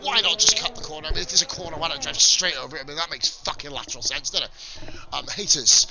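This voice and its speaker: A man streams live commentary on a sim racing league from his home setup, his slightly high voice moving at a quick pace over a loud crowd. Between race calls he chats with viewers, casual, sweary, and rambling.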